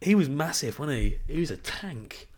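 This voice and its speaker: A man's voice: on the high side, moderate pace. A young man, co-hosting a casual podcast and telling school stories with swearing. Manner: storytelling, animated, swears. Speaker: podcast co-host. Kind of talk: casual chat.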